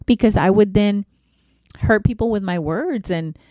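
A woman's voice: mid-range voice, normal speed, darkish tone, no echo. A middle-aged woman hosting her own podcast, talking candidly and emotionally in a casual, slangy way. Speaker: podcast host. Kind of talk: casual solo podcast talk.

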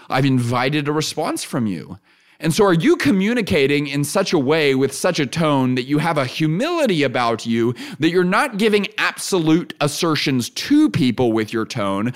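Earnest man hosting a solo podcast. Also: fairly high pitch. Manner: earnest, repeats key phrases, frequent "right?" asides; lively when acting out examples, laughs easily. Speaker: podcast host.

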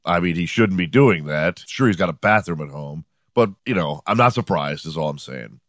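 Low-voiced man ranting sarcastically. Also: animated, moderate pace, fairly bright tone, no room sound, studio quality. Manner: profane, sarcastic storytelling. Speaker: podcast host. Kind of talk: casual comedic monologue. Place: home room.

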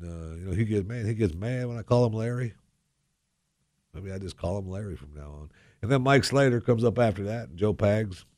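A man's voice: deep voice, dark tone, dry recording, studio quality. A man hosting a talk radio show into a headset mic, talking in a put-on folksy drawl with a joking, sarcastic manner. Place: radio studio. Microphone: headset microphone.

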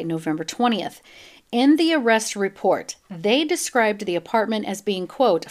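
A woman hosting a true crime podcast, reading news reports aloud and breaking into blunt, profane rants. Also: mid-range voice. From United States. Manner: blunt, swears freely, animated when ranting. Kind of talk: reading news with ranting asides.

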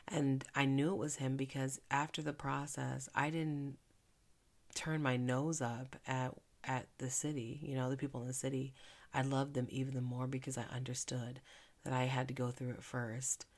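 Deep, gravelly-voiced woman hosting a faith podcast. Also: flat delivery, moderate pace. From Philadelphia. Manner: chatty and earnest, with soft hushed stretches during prayer. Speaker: faith podcast host and minister. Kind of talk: casual devotional podcast talk.

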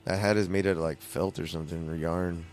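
A man's voice: low-pitched, fairly even intonation, quick pace, a little mellow. A young man chatting casually and profanely while watching a movie, telling stories as a podcast guest. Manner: profane, laughing, tells stories.

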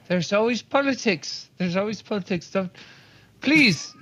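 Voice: mid-range voice, animated, measured pace, fairly bright tone, breathy edge. A playful tabletop game player who laughs often and talks boldly in character. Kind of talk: tabletop role-play.

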